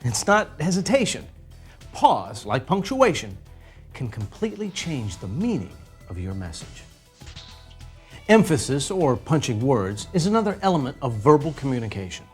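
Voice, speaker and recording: A man's voice: mid-range voice, very animated, moderate pace, faint music behind. A man giving scripted narration for an educational video, playful and theatrical in his emphasis.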